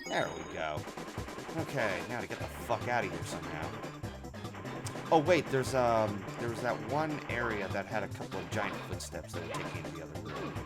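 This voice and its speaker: A man with a fairly low voice rambles through casual gameplay commentary, his pitch swinging up and down as he talks. He swears freely when the game goes badly. Game music plays clearly underneath him. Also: animated, a little fast. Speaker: streamer playing a video game.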